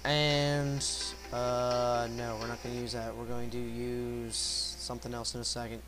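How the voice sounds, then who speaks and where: A young man giving excitable, slangy commentary over a recorded game battle, yelping his reactions. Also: medium pitch, unhurried. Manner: excitable, yelps reactions and swears. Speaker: gaming channel host. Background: faint metal music.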